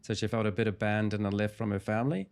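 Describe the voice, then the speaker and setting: A man with a fairly low voice speaks as a guest in an interview. He retells a client's story in a calm, measured way, walking through each step of a session. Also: clear, resonant tone. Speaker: hypnotherapist guest.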